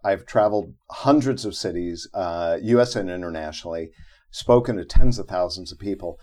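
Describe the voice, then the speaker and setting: A man's voice: sits low, normal speed. A middle-aged man, an interview guest, telling a personal story in conversation and acting out the quotes in it. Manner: animated, acts out quotes from his own story.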